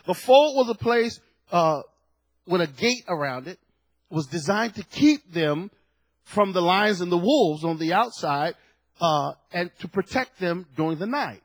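A male pastor delivering a sermon, his high voice a little husky. He drops to near-whispers, then rises into loud, fervent stretches. The sound is close and dry. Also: sing-song, measured pace, no echo. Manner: swings from hushed to loud and fervent.

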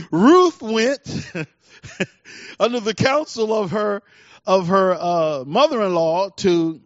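A man preaching a sermon as a pastor, swinging between fervent declarations and hushed asides. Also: high-pitched, expressive, takes it slowly, long pauses, no echo, highs cut off.

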